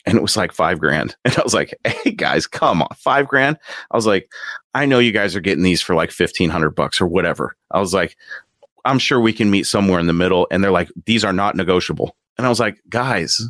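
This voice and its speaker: Low-voiced man telling a story. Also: a little fast, no echo, studio quality. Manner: animated, acts out quotes with laughs. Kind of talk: casual storytelling.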